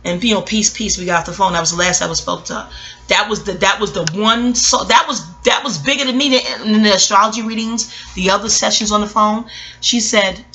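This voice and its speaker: Bright-voiced rambling woman astrologer. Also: medium pitch, fairly quick, a little hiss or hum. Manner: rambling, digressive, blunt with profanity. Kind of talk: casual reflective monologue.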